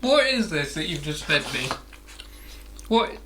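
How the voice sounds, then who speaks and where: A young man co-hosting a casual chat podcast, animated and dramatic in his reactions. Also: fairly high pitch, unhurried, noisy background. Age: young adult. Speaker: podcast co-host.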